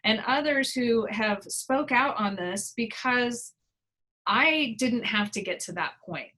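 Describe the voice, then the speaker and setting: A woman's voice: fairly high pitch, expressive, slow. A woman hosting a podcast interview, speaking in a heartfelt, conversational way. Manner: warm, heartfelt. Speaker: podcast host. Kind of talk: casual interview chat.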